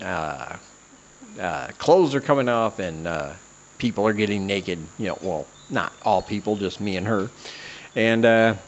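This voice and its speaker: A man's voice: fairly low pitch, highs cut off. A man hosting a comedy podcast, telling a self-deprecating personal story in a rambling way, with many "uh" fillers. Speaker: podcast host.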